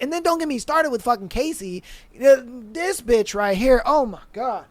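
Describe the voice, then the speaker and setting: A podcast host recapping reality TV in a casual, profane, animated rant full of slang. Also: mid-range voice, moderate pace, no room sound.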